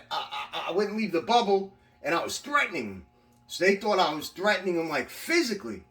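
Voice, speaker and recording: A man with a fairly high voice tells rambling, profane stories in a casual way, often restarting his sentences. He sits back from the mic, and his voice echoes around the room. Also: fairly bright tone, recorded from a distance. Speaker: vlogger recounting his prison time. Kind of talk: casual storytelling.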